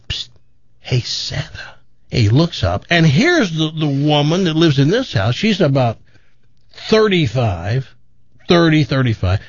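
Husky-voiced male radio host. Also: medium pitch, no room sound, muffled recording. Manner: chatty storyteller, lively and playful. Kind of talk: casual radio banter and joke-telling.

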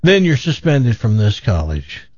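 An older man telling stories from his past in a relaxed, self-deprecating way, with a dull, muffled sound. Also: medium pitch, measured pace, breathy edge, no echo. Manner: animated, self-deprecating, acts out quoted voices. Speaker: guest telling his life story. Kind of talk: casual storytelling.

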